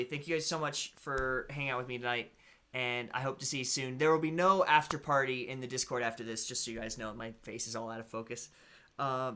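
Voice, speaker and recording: A tired man hosting a casual live stream, stuttering and pausing a lot as he talks to viewers. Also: mid-range voice, pushed and bright.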